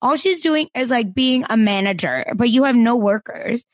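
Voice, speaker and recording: A woman with a slightly high voice, recorded dry and close with no room sound. She talks in a casual, opinionated way, pressing her points with sassy emphasis. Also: lively intonation, normal speed, no room sound. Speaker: podcast co-host. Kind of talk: casual recap chat.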